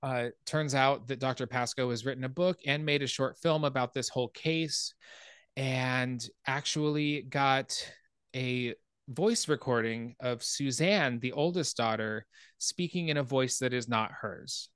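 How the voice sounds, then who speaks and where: A man hosting a podcast, casually retelling a film's plot scene by scene in an animated way. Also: medium pitch, measured pace, clear, resonant tone, no room sound. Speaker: podcast host. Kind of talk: casual film recap.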